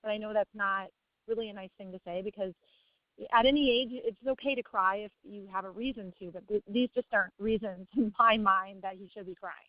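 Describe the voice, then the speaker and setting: A woman's voice: mid-range voice, brisk, no room sound, highs cut off. A woman in her thirties, a parent asking for advice, rambling and laughing as she hunts for words. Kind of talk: casual chat.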